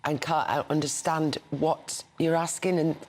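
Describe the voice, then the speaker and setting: A woman's voice: low voice, steady tone, a little slow, darkish tone. An older woman with a Northern English accent, chatting as a newspaper review guest and telling anecdotes in a chatty way. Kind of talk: casual studio chat.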